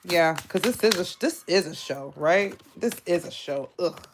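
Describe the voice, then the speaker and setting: A blunt, animated woman runs a live tarot reading. Her voice sits somewhat low but leaps up when she gets excited, and she breaks into laughing asides between plain, frank remarks. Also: moderate pace, noisy background. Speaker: tarot reader and therapist.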